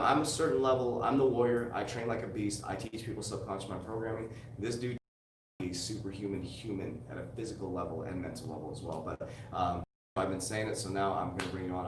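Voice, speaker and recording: A man who is a motivational coach and host, talking in an emphatic, repetitive storytelling manner on a podcast. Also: sits low. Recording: echoey room, distant mic, background noise.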